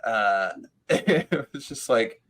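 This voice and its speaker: A man's voice: medium pitch, expressive, very slow, a bit bright, poor audio. A man hosting a casual chat, telling stories and laughing often as he talks. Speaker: podcast host.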